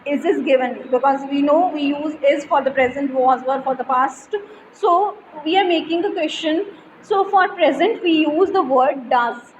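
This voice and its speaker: A woman teacher with an Indian English accent walks through a grammar lesson step by step, reading example sentences aloud. Her voice sits high. The room rings with a long reverb over a faint hiss. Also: normal speed, lo-fi sound. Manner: explains step by step, reads example sentences aloud, frequent fillers.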